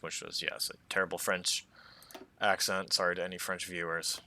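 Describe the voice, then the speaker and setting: American man, low gravelly voice, bright tone, relaxed gameplay commentary, faint background hiss. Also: moderate pace. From United States. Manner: thinking aloud, relaxed and chatty. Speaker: strategy game let's player.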